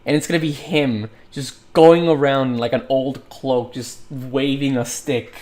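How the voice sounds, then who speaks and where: A man's voice: medium pitch, steady tone, measured pace, a little mellow. A man chatting casually while working on a livestream, rambling, thinking aloud and laughing often. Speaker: livestreamer modeling in 3D software.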